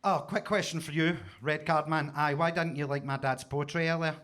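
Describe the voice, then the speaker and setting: Scottish stand-up in his forties, high bright voice, punchy self-mocking delivery. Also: steady tone, normal speed. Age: 40s. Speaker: stand-up comedian. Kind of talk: stand-up set. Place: basement comedy club stage.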